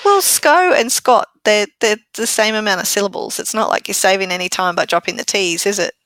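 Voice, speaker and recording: A woman co-hosts a podcast in a relaxed, chatty way, teasing her partner and breaking into laughter often. Her voice sits at an ordinary middle pitch for a woman, and the recording is dry and close-miked. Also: fast talker, no echo. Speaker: podcast co-host. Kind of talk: casual chat.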